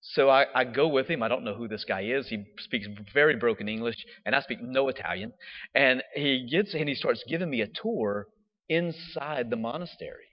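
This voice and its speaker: A man, a diocesan priest, telling a personal story in a chatty, animated way with casual fillers. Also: mid-range voice, normal speed. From United States. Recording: dull audio with long hall reverb.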